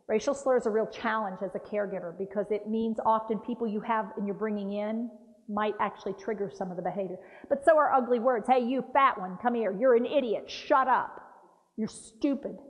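Animated woman trainer in a roomy hall. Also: on the high side. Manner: animated, acts out patient voices. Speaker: dementia care trainer. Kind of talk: lively training talk with role-play demonstrations. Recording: dull roomy hall recording.

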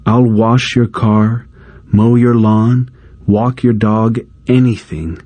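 A man voicing a nervous seventh-grade boy who mumbles uncertain, bluffing words and pleads, read slowly in a close, dry recording. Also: fairly low pitch, steady tone, dark tone, dry recording. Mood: pleading.

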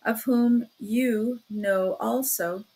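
A curt young man, tense and irritable, pushing his words out resolutely , as a woman reads him aloud. The voice is fairly high and gets sharply louder. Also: drawn-out words, gravelly, exaggerated voice, rough recording. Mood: irritated.

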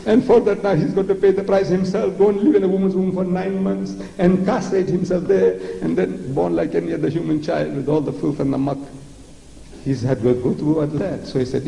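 A man's voice: high-pitched, fairly even intonation, brisk, gravelly, warm tone. An older man from South Africa giving a public religious lecture in a sarcastic, theatrical, mocking manner. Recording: echoey lecture hall with faint noise.

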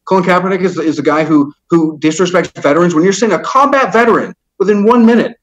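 A high-pitched man talks fast as an interview guest, telling his story casually but heatedly. He rambles, swears often and stumbles over fillers, and the recording quality is low.

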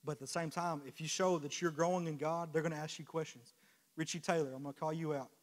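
A man's voice: a little high, steady tone, fast talker. Young male preacher in reverberant church. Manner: impassioned, swinging from quiet confession to loud exhortation; repeated rhetorical questions. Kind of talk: sermon. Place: church sanctuary. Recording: long church hall reverb.

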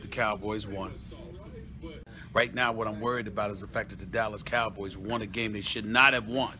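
Blunt, low-voiced man talking sports. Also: steady tone, normal speed, sharp tone, slight background noise.

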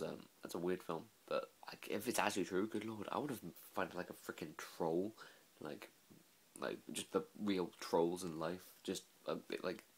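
A tired man up late, talking in a rambling, filler-heavy, self-mocking way in a casual vlog. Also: low-pitched. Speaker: vlogger.

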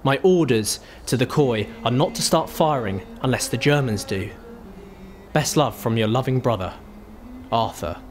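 An actor reading a letter from a young British officer in the trenches to his sister, in a brisk, upbeat manner. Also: medium pitch, lively intonation, noisy background, lightly acted. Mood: cheerful. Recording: crowd sound behind the voice.

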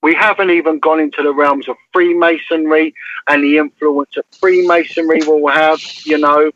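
A man's voice: on the high side, steady tone, normal speed, a bit bright, no echo. Emphatic English man on a dull, lo-fi line. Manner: emphatic storyteller, tags points with "right?". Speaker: interview guest, former police detective. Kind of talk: telling a story in a call-in interview.

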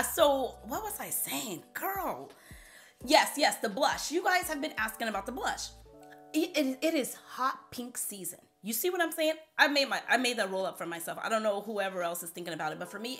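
A woman's voice: on the high side, animated, normal speed, fairly bright tone, soft background music. A woman beauty vlogger with a scratchy voice, chatting casually and playfully to camera.

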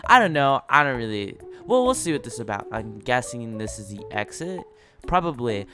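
A young man commenting on a game as he rides through it, excitable and rambling, often tripping over his words. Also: mid-range voice. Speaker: gaming video creator.

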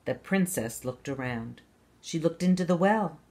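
A woman reading a fairy tale aloud for children, at a gentle, measured pace. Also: low-pitched, expressive. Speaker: storyteller.

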